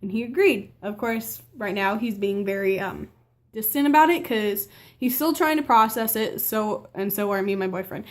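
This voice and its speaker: A teenage vlogger tells a personal story to camera, chatty and rambling, with fillers and self-corrections. She acts out her family members' lines in quotes. Her voice is medium-pitched at a moderate pace.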